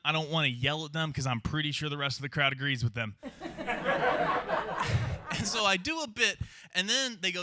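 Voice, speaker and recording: A man's voice: a little high, lively intonation, brisk, sharp tone, no echo. A young man doing a stand-up comedy set in a club, with a brash, profane, punchy delivery. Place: underground comedy club with live audience.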